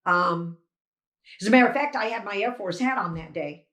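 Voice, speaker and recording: A woman's voice: mid-range voice, expressive, moderate pace, fairly bright tone. An older woman giving an emphatic, indignant first-hand witness statement as a poll challenger, retelling events as dialogue. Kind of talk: emotional first-hand testimony. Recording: echoey room.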